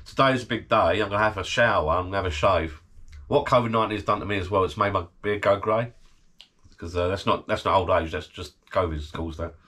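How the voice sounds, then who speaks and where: A man's voice: sits low, bright, forceful tone, breathy edge. A middle-aged man recovering from illness, chatting casually to his channel from his garden bar shed, rambling and laughing often. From United Kingdom. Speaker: channel host. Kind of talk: casual vlog chat.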